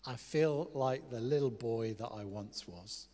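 A man's voice: medium pitch, unhurried. Man preaching in a reverberant church. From England. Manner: animated, swings from loud exclamations to hushed quoted words. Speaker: pastor. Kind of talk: sermon. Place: church hall. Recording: long church hall reverb.

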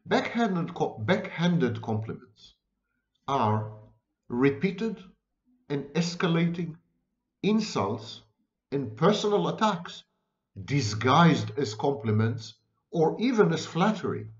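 Male lecturer, emphatic and repetitive, slightly high, lively delivery, dull lo-fi audio. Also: takes it slowly. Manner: emphatic, repeats and restates phrases. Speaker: lecturer on psychology. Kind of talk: unscripted lecture.

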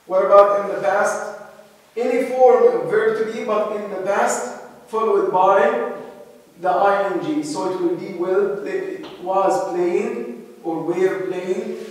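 Slow, high-voiced male teacher in an echoey room. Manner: slow, deliberate explaining with repetition. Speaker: English teacher. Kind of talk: recorded grammar lesson. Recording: echoey room, far from the mic.

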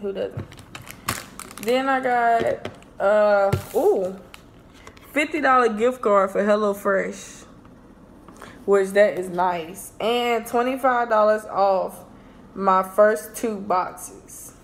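A young woman vlogging a casual product review, chatty and excitable, often calling her viewers y'all. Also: medium pitch, takes it slowly, long pauses, slight background noise.

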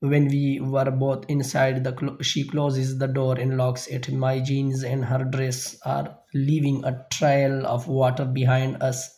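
A man narrating a novel in the first person as an audiobook reader, halting at times with small slips and restarts. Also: medium pitch, completely flat delivery, warm tone.

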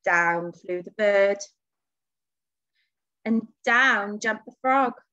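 A woman reading a children's storybook aloud for a school, dramatic and expressive, with whispers and gasps. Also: mid-range voice, drawn-out words, muffled recording.

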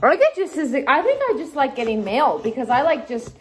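A woman's voice: high voice, sing-song, a little fast, slight background noise. A young woman from Canada chatting casually to her vlog camera from her car, laughing often and trailing off. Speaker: vlogger.

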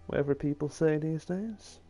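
A man's voice: on the high side, normal speed, dark tone, soft background music. A man streaming a game at home, talking in a dry, self-deprecating, offhand way. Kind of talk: casual live-stream commentary.

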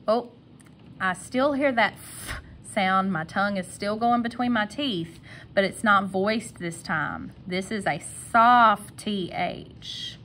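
A woman teaches a kindergarten phonics lesson, sounding out every letter and blend with patient, drawn-out care. Her pace is unhurried, and her voice sits at an ordinary middle pitch. A faint noise hums behind her. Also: bright, forceful tone. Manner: slow, stretched-out sounding of letters.

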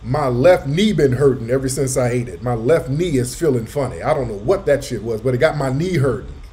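A man hosting a casual live talk, telling a story with animated emphasis and street slang. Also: medium pitch, brisk, slight background noise. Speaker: host. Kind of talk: casual livestream chat.

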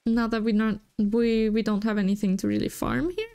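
A young woman casually talking through a farming video game, chatty, giggling and easily excited. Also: on the high side, fairly quick, clear, resonant tone. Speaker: gaming channel host. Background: faint game music.

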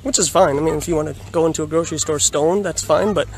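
High-voiced man telling a street story. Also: fast. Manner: animated, laughs often while telling a story. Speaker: vlogger. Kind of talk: casual storytelling vlog. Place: outdoors in a busy urban area. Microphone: phone on a selfie stick. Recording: outdoor street noise.

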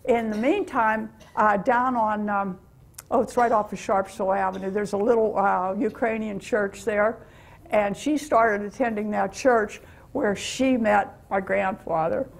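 A woman's voice: mid-range voice, steady tone, unhurried, vocal fry. An older American woman telling stories of her mission trip to a church meeting, chatty and laughing often. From USA. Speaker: guest speaker.

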